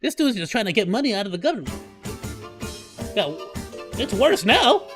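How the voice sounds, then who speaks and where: A man live-streaming, reacting to clips with excitable jokes and frequent laughter. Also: high-pitched, moderate pace, music in the background. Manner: excitable, joking, laughs often.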